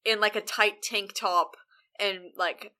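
A woman's voice: mid-range voice, fairly even intonation, slow pace, sharp tone. A woman, casually recapping a show, animatedly quoting characters and swearing freely.

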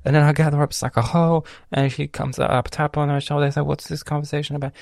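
Gravelly guy ranting and cursing, loud then whispery, dead dry sound. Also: medium pitch, fairly even intonation, fast talker, hardly any pauses, dry recording. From Lebanon. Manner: swears constantly, swings from loud outbursts to hissed whispers. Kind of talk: profane comedic rant.

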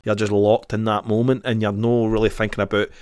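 A man's voice: on the low side, level tone, fairly quick, darkish tone, slight background noise. A Scottish man co-hosting a podcast in casual chat, rambling through his thoughts with restarts and casual swearing. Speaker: podcast co-host.

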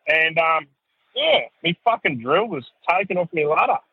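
A man's voice: on the high side, expressive, moderate pace, breathy edge, no room sound. An Australian man leaving a sweary, aggrieved whinge as a caller. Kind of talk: ranting phone voicemail. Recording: tinny phone line.

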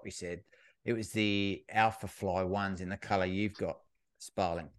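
A man co-hosting a podcast, telling a lively story in casual chat. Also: measured pace. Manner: animated storyteller, mimics shop staff with raised pitch. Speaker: podcast co-host.

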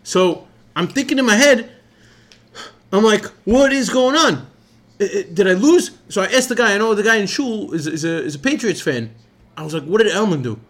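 A man's voice: high-pitched, expressive, fairly quick, fairly bright tone. A man co-hosting a podcast, telling a story in casual chat and acting out both sides of the conversation. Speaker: podcast co-host.

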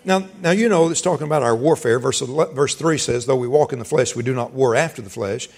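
A man's voice: mid-range voice, fast talker, soft background music. A middle-aged man, a pastor, preaching a sermon in a folksy storytelling way, laughing and quoting conversations as he goes.

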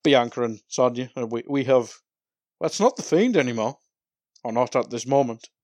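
A man co-hosting a podcast, rambling in a relaxed way with frequent laughs and sighs. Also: mid-range voice, normal speed, dry recording, clean studio sound. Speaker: podcast co-host. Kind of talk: casual wrestling chat.

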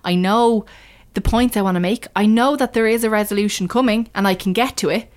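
A woman's voice: mid-range voice, brisk. A woman on a podcast chatting candidly, telling stories with lots of restarts and acted-out quotes. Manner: animated, storytelling, restarts often. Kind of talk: candid casual chat.

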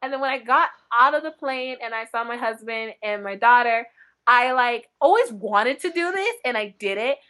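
A young woman from North Dakota, a book blogger guest chatting casually in an interview. She tells stories with lots of energy and laughs often. Her voice is bright and sits fairly high. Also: animated, moderate pace.

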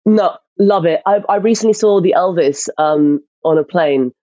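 An actress chatting as a guest in an interview, telling lively stories with lots of restarts. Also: female voice, fairly low pitch, normal speed, no room sound, highs cut off. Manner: animated storyteller, frequent restarts. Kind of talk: casual interview chat.

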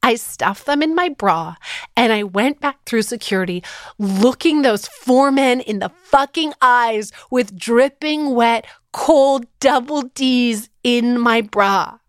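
Woman podcast host in her thirties, bright high voice, dry close sound, emphatic storyteller. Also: takes it slowly, no room sound. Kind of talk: animated storytelling.

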